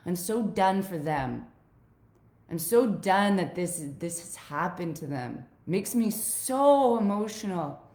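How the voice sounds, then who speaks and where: A woman's voice: lowish voice, expressive, takes it slowly, darkish tone, roomy sound. A woman life coach talking raw and heartfelt to her viewers, swearing freely as she opens up about old pain. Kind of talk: emotional personal vlog to viewers.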